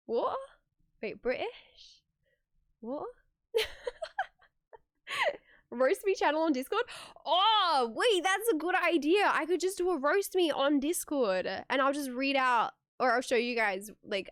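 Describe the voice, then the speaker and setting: A woman's voice: high-pitched, a bit bright, dry recording, clean studio sound. A young woman streamer chatting casually with her viewers, giggly and talkative, reading messages aloud.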